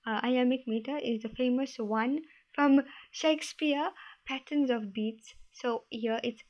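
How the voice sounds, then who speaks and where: Young female study host, casual explainer, a touch high, muffled home recording. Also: a little slow, a little mellow. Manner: chatty, loose, repeats herself while explaining.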